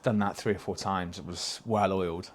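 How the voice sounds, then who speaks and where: A man's voice: low voice, fairly even intonation, moderate pace. A man, a podcast guest telling casual anecdotes, swearing freely and laughing through his stories. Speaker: podcast guest, stock car racing driver.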